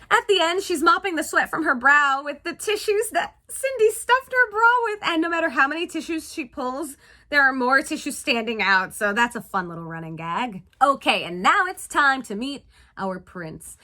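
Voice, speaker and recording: Animated woman recapping a film. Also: on the high side. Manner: animated, playful, sarcastic asides. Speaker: vlog host reviewing a film. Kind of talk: casual movie recap.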